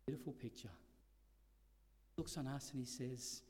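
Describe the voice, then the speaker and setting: A man preaching a sermon as pastor, slowing down to stress key words and moving between loud emphatic lines and quiet ones. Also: medium pitch, fairly even intonation, long reverb tail. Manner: preaching with slow emphatic stresses and dynamic swings.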